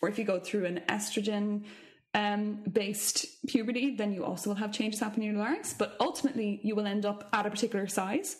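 A woman talks through vocal technique like a coach in a relaxed chat. Her voice sits at an ordinary mid pitch. She often restarts sentences as she works out each point. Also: fairly quick. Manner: explanatory, thinking aloud with restarts. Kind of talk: casual podcast chat.

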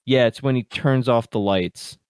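A man casually chatting about a horror film as a podcast co-host, excitable, laughing often and swearing freely. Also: mid-range voice, measured pace. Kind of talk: casual horror movie review chat. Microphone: computer microphone.

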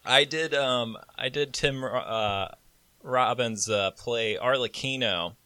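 A man's voice: mid-range voice, slow pace, bright, forceful tone, clear, resonant tone, no room sound. A man co-hosting a casual podcast who tells jokey stories, laughs often, and reads scripture aloud. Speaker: podcast co-host. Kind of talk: casual chat and scripture reading.

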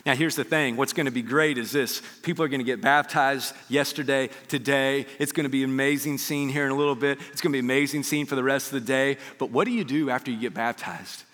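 A man preaching a sermon as pastor, emphatic, acting out quoted voices with sudden loud rises. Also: mid-range voice, steady tone, fast, few pauses, in a large hall.

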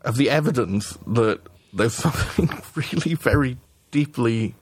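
A man's voice: medium pitch, expressive, a little slow, husky, no room sound. Man talking politics over beers. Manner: hesitant restarts, swearing, building an argument. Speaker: podcast co-host. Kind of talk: casual political chat.

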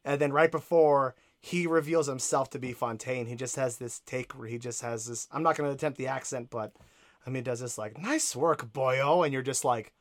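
A man talking through a video game in a loose, rambling way. His voice sits at an ordinary middle pitch, and he fills his sentences with hesitations and side remarks as he thinks aloud. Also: brisk. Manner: rambling, full of fillers and asides. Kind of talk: casual video game discussion.

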